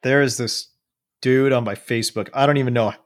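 Man, podcast co-host, casual political chat, animated, mid-pitched voice. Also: brisk. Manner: animated, quotes others in mock voices.

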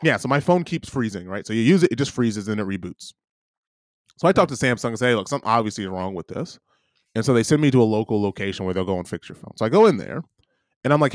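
A man in casual conversation who tells his story with animation, jumping between voices as he acts out both sides of an argument. His voice sits at a middle pitch and sounds dry and close to the mic, with no room around it. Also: animated, fast talker, no echo. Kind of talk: casual chat. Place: living abroad.

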